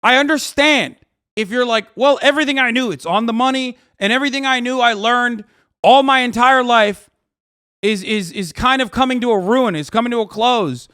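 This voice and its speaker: Male streamer, angry profane rant, shouting at chat, very high pitch, tight dry mic. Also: normal speed, smooth, dry recording. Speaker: livestreamer. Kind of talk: ranting at chat on a livestream.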